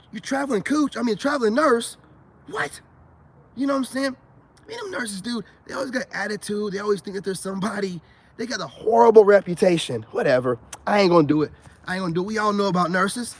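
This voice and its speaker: This livestream host has a high-pitched, slightly rough voice. He's animated and profane, ranting casually, calling out chat viewers by name, and saying "you know what I'm saying" again and again.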